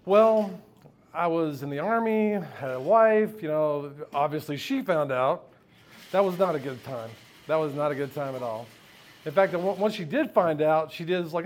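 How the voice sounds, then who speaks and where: Before a live audience, a U.S. storyteller recounts a candid, cursing-filled personal story, laughing along with listeners often. His voice is on the high side and animated, moving at a moderate pace.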